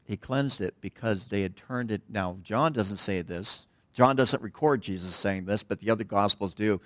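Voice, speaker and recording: Middle-aged male pastor, relaxed conversational sermon, rambly asides, trails off quietly, dry close sound. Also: on the low side, normal speed, hardly any pauses, no echo. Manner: digressive, drops to a hush at phrase ends. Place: church.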